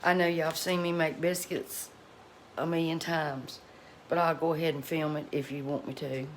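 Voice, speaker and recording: A woman's voice: deep voice, flat delivery, moderate pace, a little hiss or hum. A middle-aged woman, chatting folksily to her cooking channel viewers at home, laughing often. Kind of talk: casual chat to viewers.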